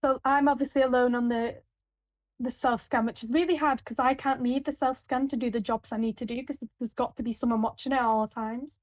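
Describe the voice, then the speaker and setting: Woman, high voice, chatty and rambling, lots of fillers, dull lo-fi sound. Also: steady tone, a little fast, dry recording. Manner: rambling, with frequent fillers and restarts. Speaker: supermarket till worker. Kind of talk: casual anecdotal chat. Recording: dull, lo-fi, dry.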